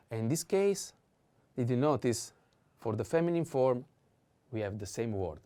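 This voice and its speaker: Speaking with an Italian accent, a man patiently teaches vocabulary at a slow pace, repeating every word three times and pausing on hesitant fillers. His voice is mellow and on the low side.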